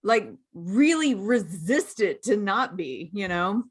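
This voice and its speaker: A woman's voice: medium pitch, sing-song, takes it slowly, breathy edge. A woman co-hosting a podcast in casual chat, answering with short reactions and laughing along. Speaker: podcast co-host.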